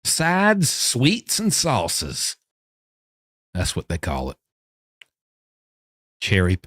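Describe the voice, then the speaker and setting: A man's voice: lowish voice, no room sound, studio quality. A man chatting casually and playfully with his live-stream audience. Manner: playful, joking banter with chat. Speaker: livestreamer.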